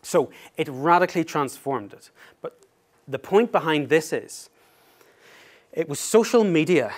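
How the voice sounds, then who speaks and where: A man giving a talk as an author, telling an anecdote in a lively, self-mocking way and laughing through the story. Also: medium pitch.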